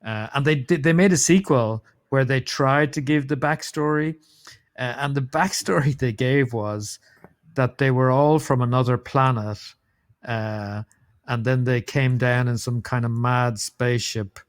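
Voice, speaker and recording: An Irish man chats on a podcast about an old film. He rambles in an amused way, with many fillers and restarts, and his voice sits at a middling pitch. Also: measured pace. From Ireland. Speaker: podcast co-host. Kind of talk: casual chat about a film.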